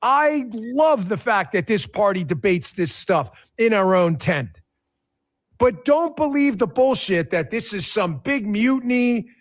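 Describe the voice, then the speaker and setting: Emphatic, sarcastic man, lively pitch. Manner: emphatic, sarcastic, addresses viewers as folks. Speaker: political talk show host. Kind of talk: opinionated political commentary.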